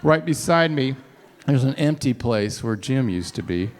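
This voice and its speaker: A man's voice: medium pitch, expressive, measured pace, a little hiss or hum. A man telling a self-mocking personal story to a live audience on stage, acting out the dialogue. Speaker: speaker. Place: stage before a college audience.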